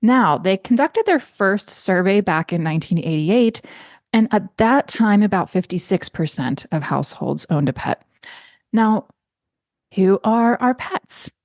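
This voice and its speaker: A woman's voice: lively intonation, a little slow, no echo, studio quality. A woman hosting her own podcast from home in a casual, chatty way, from the United States. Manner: warm chatty, lapses into high baby-talk to her cat. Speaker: podcast host. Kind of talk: casual solo podcast chat. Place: small room at home.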